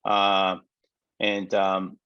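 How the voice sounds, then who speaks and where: A man telling his personal story in an interview, with emotional, halting delivery and many fillers. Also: low voice, monotone, clean tone, no room sound, highs cut off. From United States. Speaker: interview guest, business owner.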